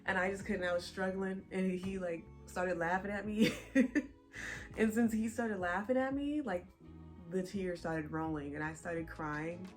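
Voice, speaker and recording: A woman's voice: fairly low pitch, fairly even intonation, measured pace, soft background music. A young pregnant woman chatting casually to her viewers, laughing often as she tells a story. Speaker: vlogger. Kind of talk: casual chat.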